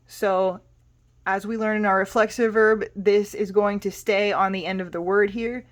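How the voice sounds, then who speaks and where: A woman's voice: mid-range voice, fairly even intonation, moderate pace. Casting note: a female language teacher, patient, a mid-range voice, spells terms out. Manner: patient, spells words out letter by letter. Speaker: Spanish teacher. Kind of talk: explaining a language lesson.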